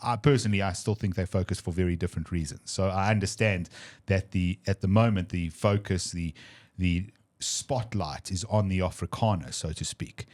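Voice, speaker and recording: A man with a fairly low voice, co-hosting a casual political chat. He talks emphatically and with animation, often restarting and repeating words as he builds his point. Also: moderate pace, darkish tone. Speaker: podcast co-host.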